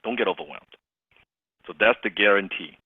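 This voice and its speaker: A man's voice: on the low side, normal speed, breathy edge, no echo. A man coaching salespeople on a call, acting out sighs and bits of dialogue as he explains. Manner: animated, acts out sighs and dialogue. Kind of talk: coaching call with role-play examples. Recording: phone-like call audio.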